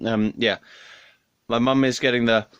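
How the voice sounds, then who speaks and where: A man's voice: mid-range voice, fairly even intonation, normal speed, fairly bright tone, clear, resonant tone, lo-fi sound. A man, rambling to camera at home in a sweary, self-mocking way. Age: 30s. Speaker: vlogger. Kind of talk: rambling casual monologue.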